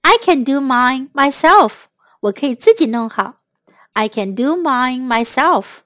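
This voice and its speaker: High, lively woman teaching English to kids. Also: no echo, studio quality. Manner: slow, drilling repetition. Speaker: bilingual story teacher. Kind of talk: children's English lesson reading.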